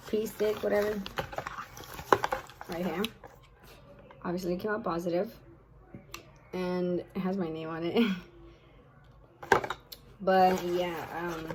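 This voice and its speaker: A woman's voice: mid-range voice, a little hiss or hum, rough recording. A young woman telling a personal story in a casual vlog, tired-sounding and full of fillers and swearing. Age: young adult. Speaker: vlogger.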